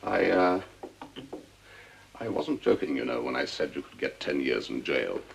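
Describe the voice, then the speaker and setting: An actor with an English accent playing a cool, understated secret agent with dry wit in a 1960s TV drama. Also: male voice, rumbling low, animated, measured pace, vocal fry, heavily acted.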